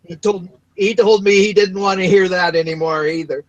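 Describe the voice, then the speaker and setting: High-voiced American man, halting talk. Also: steady tone, lo-fi sound. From Pacific coast of the United States. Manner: halting, repeats words, many fillers. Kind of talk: casual voice chat.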